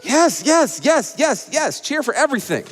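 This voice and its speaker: A man from Atlanta hosting a live charity gaming event, reading donations with playful, high-energy hype and jokes. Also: big pitch swings, moderate pace. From Atlanta, USA. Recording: echoey event hall.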